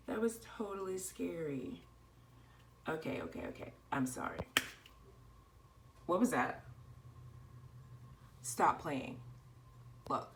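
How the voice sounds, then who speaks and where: A woman voicing a playful mini movie about girls at a camp, switching between excited girls and a low teasing brother. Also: far from the mic, a little hiss or hum. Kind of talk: playful doll-play mini movie, several voices.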